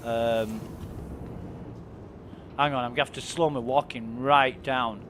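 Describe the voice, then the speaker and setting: A man's voice: medium pitch, steady tone, unhurried, background noise. A man chatting casually and enthusiastically while streaming a game, swearing freely. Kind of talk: casual chat while gaming.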